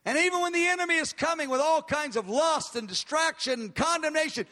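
A man delivers a sermon in a very high, bright voice, hammering home declarations and drawing out key words for weight. His voice rings with the long reverb of a large hall. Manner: emphatic, repeats declarations, slows down to stress words. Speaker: preacher.

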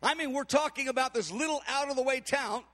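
A man delivers a sermon in a strikingly high voice, retelling a Bible story with animated energy. He slips into the voices of the characters as he goes. His voice carries a long reverb, as if filling a large church hall. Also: a little fast. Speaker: preacher.

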